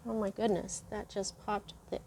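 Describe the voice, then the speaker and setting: She is a woman with a voice of ordinary pitch who talks her viewers through a tarot reading. She is earnest and chatty, and she rambles along in a loose, personal way. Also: flat delivery, normal speed, very noisy. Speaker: tarot reader. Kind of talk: casual spoken tarot reading.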